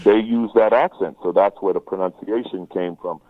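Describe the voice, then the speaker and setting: A man's voice: low-pitched, steady tone, moderate pace, phone-quality sound. A man talking as a guest comedian in a casual interview, with a wry, joking manner.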